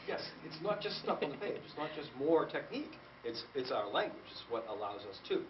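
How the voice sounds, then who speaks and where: A man guest-conducting a school band rehearsal, giving lively feedback and firing rhetorical questions at the students. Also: medium pitch, brisk. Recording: distant echoey room recording, dull, noisy.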